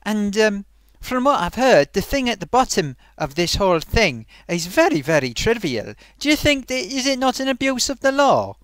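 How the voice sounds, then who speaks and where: A man's voice: high-pitched, big pitch swings, normal speed, fairly bright tone, dry recording, clean studio sound. A man hosting his own vlog and chatting casually, rambling along with plenty of ums and restarts. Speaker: vlogger host. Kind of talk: casual comedy vlog chat.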